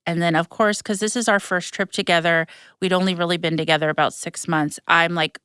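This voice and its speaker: This podcast host chats casually, spinning animated, laid-back stories full of filler words and little tangents. She has a lowish, smooth, clear voice, and the close recording has no room sound.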